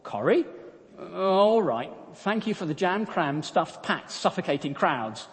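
A man's voice: sits high, very animated, a little slow, voice pushed up, heavily acted. A man reading the lines of a frightened, reluctant adult woman prisoner in a sermon story, with an echoing sound. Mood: protesting. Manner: anxious, wailing, reluctant.

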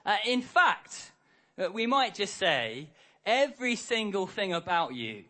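A man's voice: sits high, big pitch swings, unhurried, bright, forceful tone. A man preaching a harvest sermon, telling a story and acting out the characters' lines.

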